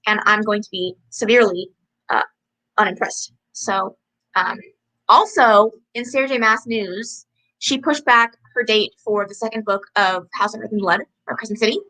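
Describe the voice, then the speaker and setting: A young woman chatting from home, her voice bright and rather high. She talks in a bubbly, easygoing way, full of "likes" and little laughs, as she answers viewer comments. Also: low-quality recording. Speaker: book vlogger hosting a livestream. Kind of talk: casual chat reading viewer comments.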